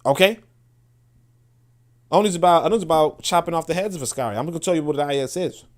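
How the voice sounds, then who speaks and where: Man in the host seat of a talk podcast, slightly higher voice, loose and animated, checks in with listeners often. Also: quick pace. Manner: animated and conversational, with frequent restarts; laughs and asks listeners for agreement. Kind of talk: casual monologue.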